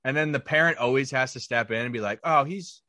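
A man's voice: medium pitch, quick pace, bright, forceful tone, dry recording, studio quality. A young adult man co-hosting a comedy podcast, making wry observations and asking his co-host questions. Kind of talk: casual comedic chat. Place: New York area.

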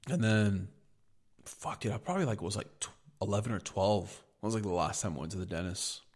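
A man's voice: on the low side, expressive, brisk, a little mellow. A man from the United States co-hosting a podcast, telling rambling, profane stories in casual chat. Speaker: podcast co-host.

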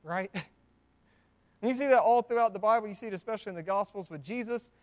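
A man's voice: sits high, fast, long reverb tail. A man teaching a Bible class in a conversational way, often asking his listeners rhetorical questions.

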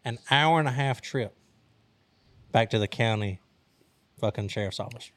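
A man's voice: mid-range voice, moderate pace, a bit bright. A young man from Arkansas telling a wild story in casual talk, profane and laughing as he goes. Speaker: storyteller host.

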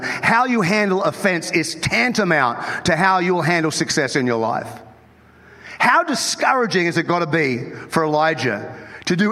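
A man with an Australian accent, the lead pastor, preaching an animated, joking sermon. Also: sits high. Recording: long hall reverb.

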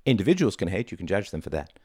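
A middle-aged man with a very low voice talks on his own show in a reflective, conversational way, leaning hard on key words. The recording is dry and close, with no room sound. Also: sing-song, fast, darkish tone, breathy edge, no room sound. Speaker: podcast host. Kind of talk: solo monologue.

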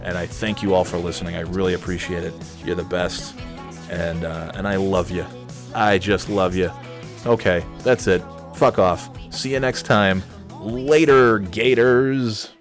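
A man's voice: deep voice, steady tone, normal speed, music in the background. A man hosting a casual solo podcast, signing off in a rambling, sarcastic and crude way with mock-sincere pep talk. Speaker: podcast host. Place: at home on a Sunday night.

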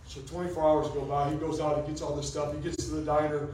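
A fervent male evangelist tells a story from the pulpit, his slightly high voice climbing into shouts. He sounds distant in a big, echoing church. Music plays underneath. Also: little pitch movement, quick pace, few pauses, a little hiss or hum. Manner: fervent, rising to shouts in quoted speech. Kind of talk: revival sermon storytelling. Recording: echoey church hall from a distance, music behind.

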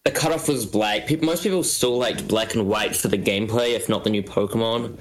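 A man's voice: on the low side, brisk. A man on a podcast panel, chatty and explaining things while laughing along. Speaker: podcast guest. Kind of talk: casual group chat.

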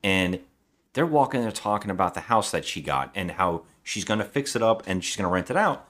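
Deep-voiced man co-hosting a podcast. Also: brisk. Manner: animated, recounting scenes with laughs. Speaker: podcast co-host. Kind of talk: casual movie review chat.

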